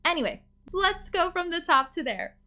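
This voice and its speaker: A woman with an American accent teaching English pronunciation, drawing out sounds slowly and carefully to demonstrate them. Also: very high voice, very animated, pushed and bright. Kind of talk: pronunciation lesson.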